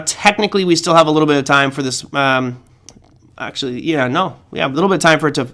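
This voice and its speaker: A man's voice: fairly high pitch, pushed and bright. A man hosting a trading show, walking through charts in casual, emphatic live market commentary with exclamations and asides.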